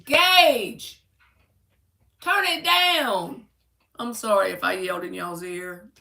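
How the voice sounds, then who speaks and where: Lady reading tarot on a stream, gravelly and bright, mic sitting a bit away from her. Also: medium pitch, recorded from a distance. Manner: chatty, joking, talks to viewers by name. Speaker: tarot reader. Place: home room.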